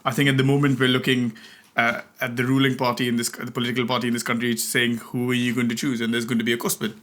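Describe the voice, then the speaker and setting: Bright-voiced man asking easy questions. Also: medium pitch, flat delivery, fast. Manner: easygoing, asks questions, thinks aloud. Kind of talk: casual chat about a sermon.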